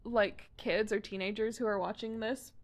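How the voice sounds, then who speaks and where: A woman's voice: mid-range voice, moderate pace. A woman co-hosting a podcast, chatting casually and giggling as she retells an anime episode. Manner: giggly, animated retelling with acted-out quotes. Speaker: podcast co-host. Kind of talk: casual anime recap chat.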